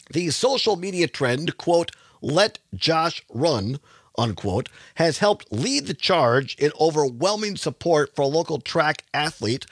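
Talk radio guy in his 50s, chatty, bouncy pitch, dry booth sound. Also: fairly bright tone, no echo. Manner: chatty, repeats phone number, reads news aloud. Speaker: radio talk show host.

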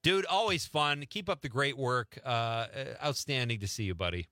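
A man's voice: medium pitch, moderate pace, bright, forceful tone, no echo. A man hosting a radio talk show, running a trivia quiz with a guest in a casual, teasing way and laughing often.

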